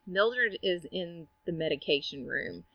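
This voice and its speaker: A woman's voice: lowish voice, expressive, a little slow, gravelly, dry recording, lo-fi sound. A woman co-hosting a podcast, chattily recapping a TV episode and acting out quoted lines. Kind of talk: casual chat.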